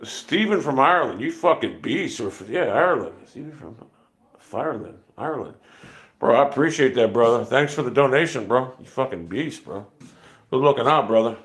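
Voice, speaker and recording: A man in his fifties hosts a casual livestream, rambling, swearing and sounding irritated. His voice is medium in pitch and fairly bright, with lively intonation at a normal speed.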